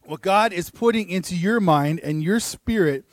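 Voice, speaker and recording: A high-voiced man preaching to a room, reading scripture and breaking off for quick asides. He sounds earnest and rises to emphatic peaks. The sound is close and dry, with little room echo. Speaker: pastor. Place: church room.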